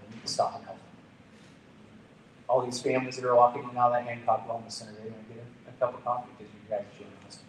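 A man preaches to his congregation, recounting a personal story in an earnest, chatty way. His voice sits at a middle pitch and carries some distance from the microphone. The room around him is reverberant, with faint background noise. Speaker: pastor. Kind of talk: storytelling sermon. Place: church gathering room. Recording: roomy, distant from the mic.

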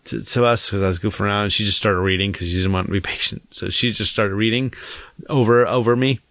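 A man's voice: on the low side, fast talker, no room sound. A man in his thirties, a father, chatting casually and acting out his children's voices as he tells stories. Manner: animated storyteller, mimics his kids' voices. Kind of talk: casual chat.

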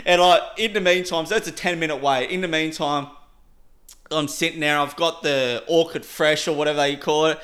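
A man's voice: on the high side, steady tone, fairly quick, a bit bright. A young man casually telling a story on a podcast, rambling with lots of "like" and frequent laughs.

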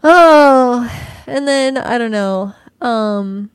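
A woman's voice: on the high side, very slow, clean tone, no room sound. Sarcastic, swearing young woman ranting. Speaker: podcast co-host. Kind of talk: casual chat.

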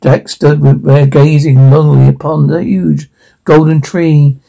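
A man reading a rhyming children's story aloud in a playful, lively way, with the odd stumble. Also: on the high side, measured pace, gravelly, low-quality recording.

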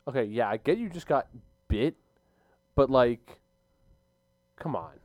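A young man co-hosting a casual sports podcast from his basement office, telling stories in an excitable, animated way. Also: medium pitch, measured pace, no echo. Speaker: podcast co-host.

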